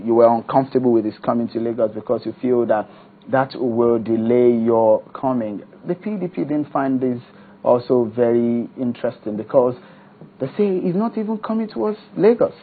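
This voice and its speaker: A man interviewing a guest on TV, probing and halting with frequent fillers. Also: mid-range voice, phone-quality sound, slight background noise.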